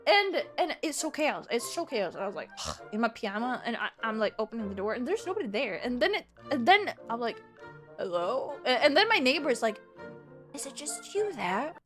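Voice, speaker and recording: A woman's voice: fairly high pitch, very animated, fast talker, hardly any pauses, soft background music. A woman live streamer chatting casually with her viewers and telling a rambling story, laughing often.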